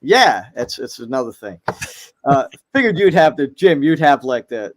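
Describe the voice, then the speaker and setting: A middle-aged man talking as a podcast guest, halting, with many fillers and restarts. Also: mid-range voice, big pitch swings. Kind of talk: casual chat.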